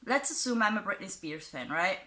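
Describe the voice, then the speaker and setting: A commentary YouTuber reads out posts and mocks them in a casual, sarcastic style, chuckling between points and mentioning her own unusual accent. Her medium-pitched voice is expressive and sharp, running a little fast.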